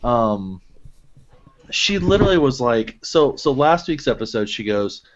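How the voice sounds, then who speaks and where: A man's voice: medium pitch, measured pace, muffled recording, background noise. Profane, ranting young podcast guy. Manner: animated, profane ranting with mimicking quotes. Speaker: podcast co-host. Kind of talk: casual chat.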